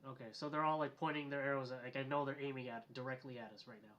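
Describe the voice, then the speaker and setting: A man's voice: mid-range voice, fairly even intonation, quick pace, fairly bright tone, dull audio. A young man playing a tabletop game, eagerly firing questions at the game master and often repeating himself as he asks. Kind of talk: casual game chat.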